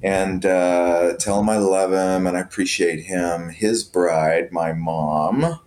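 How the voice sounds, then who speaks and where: Brief: middle-aged male guest, very low voice, lively storyteller with chuckles, faint hum behind. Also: slow. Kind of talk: conversational storytelling.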